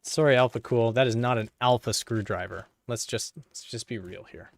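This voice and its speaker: A man's voice: medium pitch, moderate pace, gravelly. A man giving casual, playful running commentary while he works, joking with viewers and talking to himself. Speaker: PC hardware video creator.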